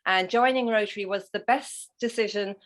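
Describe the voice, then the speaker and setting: A woman's voice: medium pitch, normal speed. A middle-aged English woman, an interview guest, telling her story with enthusiasm and animation. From England. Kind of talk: conversational interview.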